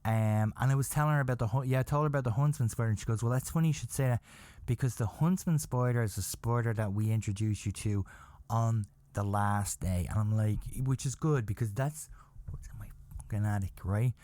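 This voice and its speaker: A man hosting a podcast, telling a comedic story in a profane, rambling, animated way, acting out his own panic. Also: mid-range voice, brisk, no room sound. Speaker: podcast host.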